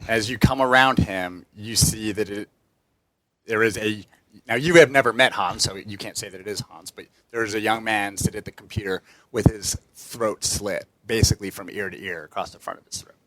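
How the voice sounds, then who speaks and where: A man's voice: lowish voice, normal speed, a bit bright, poor audio. A man running a tabletop espionage game as game master, describing scenes with plenty of ums and uhs. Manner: descriptive, filler-heavy scene narration. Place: home studio.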